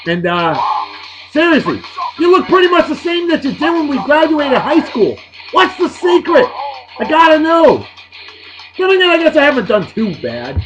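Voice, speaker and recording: A man, hosting a show and giving chatty, upbeat shout-outs with playful asides. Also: very high-pitched, very animated, moderate pace, music in the background. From Massachusetts, USA. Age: 40s. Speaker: video show host. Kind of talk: casual birthday shout-outs.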